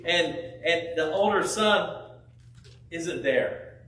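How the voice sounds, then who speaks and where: A man preaching a sermon, telling a parable with lively acted-out voices of the characters. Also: fairly high pitch, unhurried, heavy reverb, distant mic, low-quality recording. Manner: animated storytelling, acting out biblical characters' voices. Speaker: pastor.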